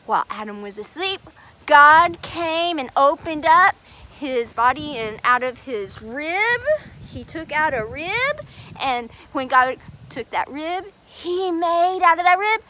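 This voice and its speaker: A woman telling a Bible story to children at chapel in an animated, sing-song, exaggerated way. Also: high voice, slow.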